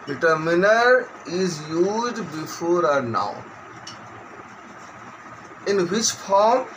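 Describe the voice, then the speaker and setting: A man teaching a grammar lesson to students, explaining slowly and repeating definitions, with quick asides in Hindi. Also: high voice, a bit bright, a little hiss or hum, poor audio. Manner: switches to rapid Hindi asides. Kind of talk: classroom lecture.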